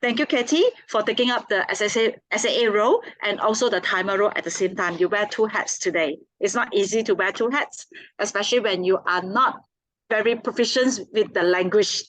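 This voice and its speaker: A woman's voice: medium pitch, brisk, a bit bright, no echo, poor audio. A woman acting as general evaluator at a speaking club, giving a complimentary, chatty evaluation speech and filling gaps with "like".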